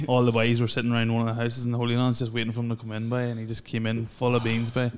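Young man, monotone, dry delivery, faint hiss behind. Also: medium pitch, fast, hardly any pauses. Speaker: podcast co-host. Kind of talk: casual chat, storytelling.

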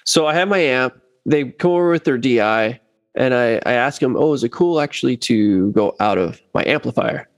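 Animated man telling a gig story. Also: mid-range voice, moderate pace, dry recording, clean studio sound. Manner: animated, acts out quotes of others. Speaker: bass player telling a story. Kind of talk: casual chat, storytelling.

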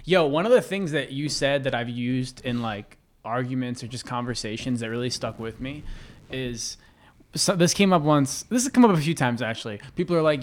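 A man's voice: mid-range voice, moderate pace. A young man guesting on a podcast who tells stories in casual chat and fills his sentences with "like". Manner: chatty storyteller, lots of "like".

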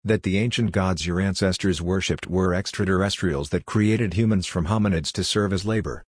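A man voicing a calm, coldly logical android envoy who speaks in a level, matter-of-fact way. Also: low voice, normal speed, husky, no echo, studio quality. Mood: cool.

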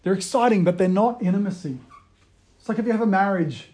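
Preaching conversationally at a quick pace, a man uses a high, mellow voice with soft edges. He shifts from emphatic bursts to quiet, hushed retellings and back.

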